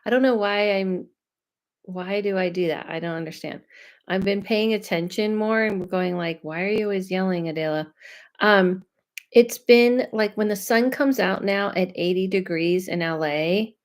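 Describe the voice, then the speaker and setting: Hosting her own live stream, a Los Angeles medium chats loudly and casually with viewers and reads their comments aloud. Her voice is medium-pitched and a little slow, and she often trails off, restarts, and laughs.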